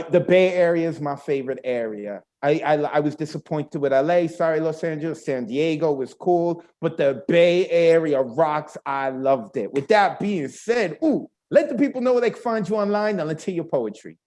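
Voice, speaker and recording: A man's voice: a little high, moderate pace, hardly any pauses, darkish tone. A man hosting an online open mic over a video call, joking and chatting between performers. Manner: playful, joking, rambling asides.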